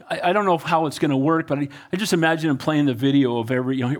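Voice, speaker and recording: A man's voice: fairly high pitch, fast. A man preaching a sermon as pastor, often asking the congregation questions and repeating words as he goes.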